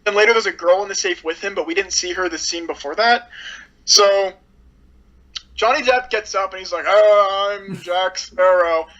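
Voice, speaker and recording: Woman, bright sharp tone, sarcastic movie reviewer, casual chat, slightly muffled recording. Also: mid-range voice, brisk. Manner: blunt, sarcastic, full of "like".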